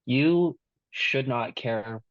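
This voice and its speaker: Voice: mid-range voice, drawn-out words, dry recording, dull audio. A player in a tabletop game speaking bluntly and plainly. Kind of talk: casual tabletop game play.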